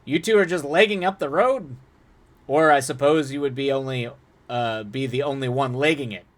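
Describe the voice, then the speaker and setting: A man voicing a suave lanky male traveler who talks in a polished, placating way, raised above his own voice and louder. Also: mid-range voice, normal speed, close to an everyday voice.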